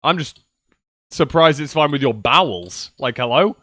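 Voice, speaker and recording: A man's voice: medium pitch, expressive, moderate pace, pushed and bright, no room sound, clean studio sound. A young man rambling casually to his viewers on a livestream from his computer, swearing now and then. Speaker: streamer. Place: at home at a PC.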